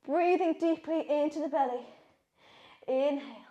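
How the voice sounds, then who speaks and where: Her high, mellow voice comes at normal speed through dull-sounding audio. She's a yoga instructor guiding a power yoga class, naming breaths and poses with encouragement while out of breath from doing the sequence alongside the class.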